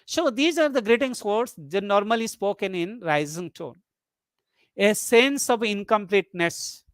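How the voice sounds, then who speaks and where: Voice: medium pitch, animated, measured pace, no room sound. A lecturer in a webinar on intonation who says each example sentence twice. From South Asia.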